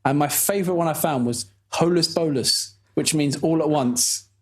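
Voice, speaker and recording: A man's voice: on the high side, normal speed. A man co-hosting a podcast, joking and playful in casual chat. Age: 30s. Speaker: podcast co-host.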